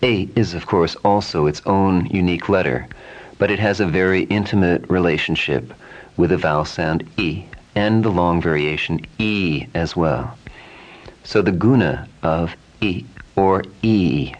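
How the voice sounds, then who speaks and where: Slow, deep-voiced man drilling vowels. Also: lo-fi sound. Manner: calm, repeats vowel sounds many times in drills. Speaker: Sanskrit pronunciation teacher. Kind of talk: slow, deliberate pronunciation lesson.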